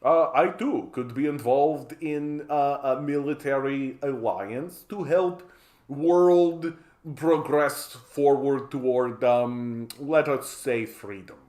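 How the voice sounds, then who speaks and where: Russia turned into an eager, slightly wounded friend who speaks in a put-on foreign accent, as a man acts him out. His pleading lines rise in pitch and sit a little back from the mic in an echoey room. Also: takes it slowly, darkish tone, lightly acted. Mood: hopeful pleading.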